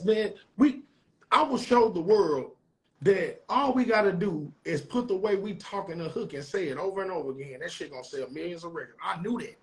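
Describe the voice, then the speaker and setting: High-voiced St. Louis man. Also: low-quality recording. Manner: talks in long winding explanations. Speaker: host. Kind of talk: casual debate.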